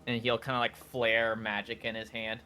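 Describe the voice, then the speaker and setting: A man's voice: on the low side, monotone, moderate pace, bright, forceful tone, soft background music. A man playing in a tabletop game, chatting casually and correcting himself as he goes. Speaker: player.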